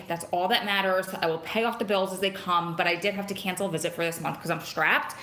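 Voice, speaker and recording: A woman's voice: mid-range voice, fairly bright tone, roomy sound. A woman hosting a casual live stream from her phone, chatting and greeting viewers by name as she rambles along. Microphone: phone camera.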